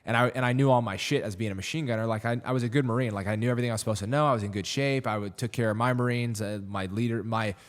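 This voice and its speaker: A man's voice: medium pitch, fairly even intonation, rapid-fire, few pauses. A man from Las Vegas, a comedian guest on a podcast, telling a rambling, profane story in a casual style. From Las Vegas, USA. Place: podcast studio.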